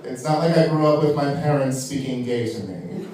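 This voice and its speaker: A man performing a stand-up comedy set, theatrical and animated, swinging his pitch up high for emphasis. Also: moderate pace, very echoey, distant mic, crowd noise, rough recording. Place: comedy club stage.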